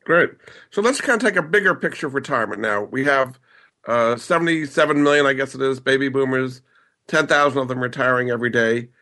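A man's voice: mid-range voice, a little fast, pushed and bright. A man hosting a show, interviewing a guest with prompting questions. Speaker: radio show host.

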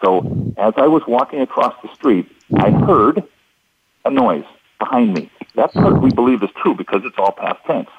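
Low husky man on a phone line. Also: big pitch swings, moderate pace, no room sound. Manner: patient and methodical, repeats key points. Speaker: interview guest explaining statement analysis. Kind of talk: instructive radio interview.

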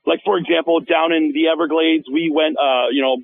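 A man with a high, gravelly voice tells animated stories on a radio talk show. He speaks as a chef, uses plenty of fillers, and acts out what others said. His voice comes through a thin, phone-like line. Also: brisk. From Hmong American. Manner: animated storyteller, acts out quotes, many fillers. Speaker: chef and TV show host, guest. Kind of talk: casual radio interview storytelling. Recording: phone-line guest audio.

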